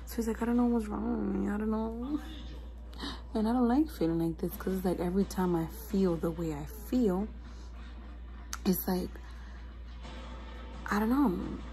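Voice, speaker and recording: A woman's voice: medium pitch, measured pace, long pauses, warm tone, faint music behind, rough recording. A young woman vlogging about feeling stressed, talking casually to the camera with lots of fillers like "like" and "you know what I mean". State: stressed and low. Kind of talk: casual confessional vlog.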